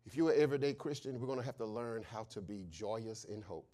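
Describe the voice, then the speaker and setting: A man preaching a sermon, impassioned and shouting at the peaks, asking questions and answering them himself, and telling stories with acted voices. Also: mid-range voice, fast talker. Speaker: pastor.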